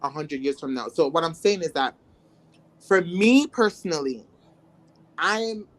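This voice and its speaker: Speaking low and at a measured pace, the Jamaican trans woman walks through her life story in casual talk. She acts out her former thoughts animatedly, punctuated by exclamations.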